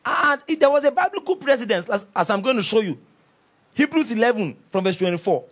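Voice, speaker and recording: Loud high-pitched pastor preaching. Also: male voice, sing-song, brisk, muffled recording. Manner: preaching with call-and-response, rising to loud exclamations. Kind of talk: sermon.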